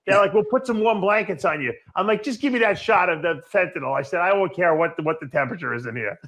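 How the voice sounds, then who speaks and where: A man's voice: sits high, lively intonation, quick pace, fairly bright tone. Easygoing male show host. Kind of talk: casual chat.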